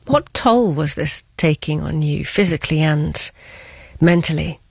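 A woman's voice: low-pitched, animated, unhurried, creaky, slightly rough, no echo. A woman interviewer asking direct, probing questions.

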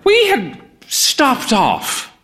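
A man's voice: wildly swooping pitch, bright, forceful tone, heavily acted. A man voicing a proud, frail old woman with an airy, long-suffering, theatrical manner. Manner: airy, long-suffering, drawn-out high tones.

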